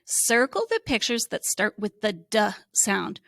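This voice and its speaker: Slow-talking teacher woman with gravelly voice. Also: medium pitch, very animated, fairly bright tone, no echo, studio quality. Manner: slow, encouraging, sounds out letters. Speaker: reading teacher. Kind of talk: phonics lesson for young children.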